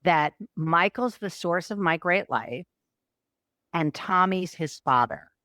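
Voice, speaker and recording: A middle-aged woman, a coach, telling a personal story in a podcast interview, animated and acting out quotes. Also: slow, dry recording, clean studio sound. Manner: animated, acts out quotes with raised pitch. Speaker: guest, transformational coach.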